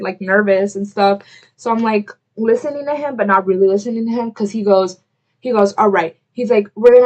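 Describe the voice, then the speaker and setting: A young woman telling a story while getting ready at home, rambling with lots of "like" and breaking off to apologize. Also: medium pitch. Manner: rambling, heavy use of "like", self-interrupting; quick to apologize, chatty asides to camera. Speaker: vlogger.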